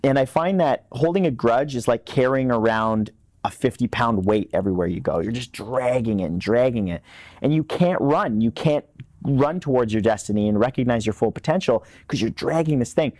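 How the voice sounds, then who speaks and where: A man's voice: mid-range voice, lively intonation, moderate pace, darkish tone, no room sound, studio quality. Earnest man in his thirties. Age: 30s. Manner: earnest, emphatic, repeats words when stressing a point. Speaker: guest. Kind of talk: candid interview talk.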